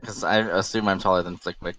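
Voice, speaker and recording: Man, tabletop player, low voice, bright sharp tone, joking. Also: fairly even intonation, a little fast. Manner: joking, descriptive of his actions. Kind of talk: casual in-character play.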